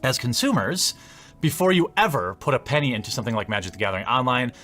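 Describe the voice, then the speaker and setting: A man speaking a monologue to camera, laying out his argument in a measured way with rising endings. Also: mid-range voice, big pitch swings, pushed and bright, faint music behind. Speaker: commentator in a played video.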